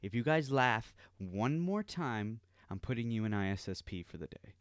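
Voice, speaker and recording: A man voicing a strict, easily flustered female schoolteacher who scolds her class in a shrill voice. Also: animated, moderate pace, no room sound, clean studio sound, close to an everyday voice. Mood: stern.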